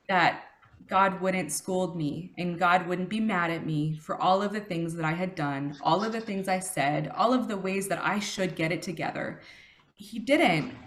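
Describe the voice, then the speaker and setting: A woman's voice: mid-range voice, a bit bright. Earnest woman sharing her recovery testimony. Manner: earnest and reflective, with many fillers and self-corrections. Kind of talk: personal testimony talk.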